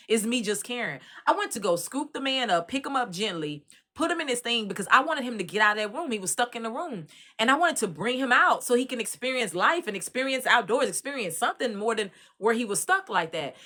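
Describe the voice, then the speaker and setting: A woman from Dallas with a Texas accent, giving casual commentary and telling animated stories in colloquial Southern speech. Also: on the high side. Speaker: commentary host.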